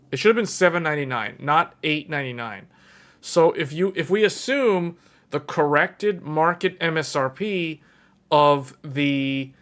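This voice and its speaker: A man hosting a casual tech livestream, thinking out loud and often correcting himself mid-sentence. His voice sits a bit higher than most men's, and he talks loosely and conversationally, with the odd chuckle.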